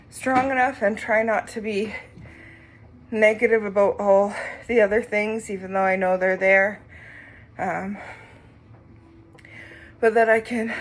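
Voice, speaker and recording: A woman talks in a casual vlog while riding an exercise bike, short of breath, her voice a little high. She speaks slowly and reflectively, pausing often. A faint hiss of noise sits under the recording. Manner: slow, reflective, with pauses and soft laughs. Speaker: vlogger sharing her recovery.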